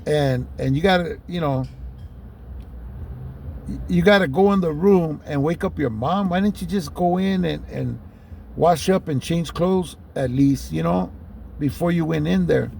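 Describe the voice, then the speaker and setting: A man voicing his easygoing father, a laid-back older man gently scolding his son. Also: on the high side, a little slow, vocal fry, slight background noise.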